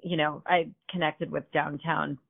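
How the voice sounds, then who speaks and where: A woman's voice: sits low, flat delivery, unhurried, gravelly, breathy edge, dry recording. A guest chats about her business with a joking, loose manner. The recording is dry and thin, like a phone call. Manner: joking, chatty. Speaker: podcast guest, business owner. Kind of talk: casual interview. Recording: tinny phone-like sound.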